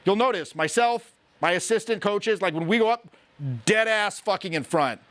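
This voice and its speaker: A man coaching on social skills in a blunt, profane, fired-up lecture that acts out quick examples. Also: sits high, a bit bright. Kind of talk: fired-up coaching talk to camera.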